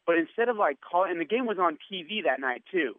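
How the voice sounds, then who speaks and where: A man's voice: sits high, quick pace. A man guest telling a story in a casual chat, acting out the lines of people he met. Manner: animated storyteller, acts out quotes. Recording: tinny phone line.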